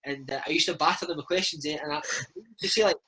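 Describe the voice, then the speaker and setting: A Scottish man in his thirties telling stories in a casual, animated chat, saying "mate" a lot. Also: a little high, quick pace, slight background noise. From Scotland. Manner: chatty, animated storytelling with frequent "mate" and "man". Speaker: interview guest, former footballer and podcast host.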